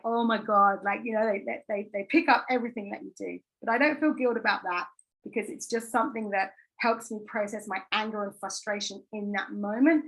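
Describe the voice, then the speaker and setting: A woman's voice: on the high side, a bit bright, low-quality recording. A woman in her thirties, a wellbeing coach giving a conversational masterclass, earnest and candid, full of "like" and restarts. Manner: chatty, filler-heavy with frequent "like" and restarts.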